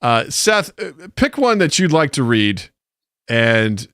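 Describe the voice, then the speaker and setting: A man's voice: medium pitch, big pitch swings, takes it slowly, a bit bright, smooth, no echo, studio quality. A man co-hosting a casual podcast, rambling loosely, with lots of fillers and cursing. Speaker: podcast co-host.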